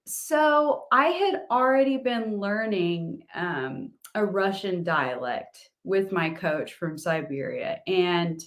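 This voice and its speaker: A woman's voice: fairly low pitch, animated, slow, hardly any pauses. A woman actress being interviewed, bubbly and rambling, laughing easily. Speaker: actress, award nominee. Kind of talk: casual interview.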